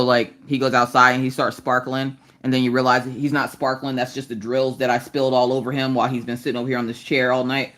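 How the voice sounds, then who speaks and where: A woman, chatting casually and joking on a crafting live stream while she works. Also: fairly bright tone. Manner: joking, self-deprecating, jumps into high squeaky voices to greet viewers. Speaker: livestream host doing diamond painting.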